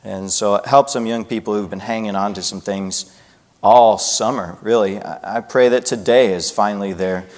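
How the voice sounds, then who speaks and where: Speaking at normal speed in a fairly low, steady voice, a youth pastor in his thirties addresses a large hall. He prays earnestly during the sermon and shares stories about his family. While telling them, he performs his children's voices.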